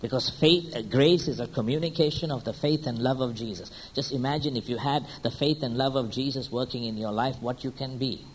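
A male preacher at a medium pitch, pressing his congregation with question after question and checking in with a quick "hmm?" or "huh?". He drops into slow, quiet stretches, then jumps up in pitch and volume. A faint hiss of noise sits under his voice. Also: low-quality recording. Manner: swings between quiet, slow lines and loud, high-pitched bursts. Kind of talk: sermon.

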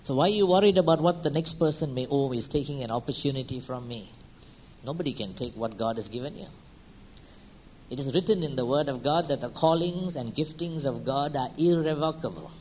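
A man's voice: a little hiss or hum, low-quality recording. Preacher firing rhetorical questions at his flock. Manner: keeps asking the congregation rhetorical questions and checking with "hmm?" and "huh?"; swings between quiet, slow lines and loud, high-pitched bursts. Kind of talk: sermon.

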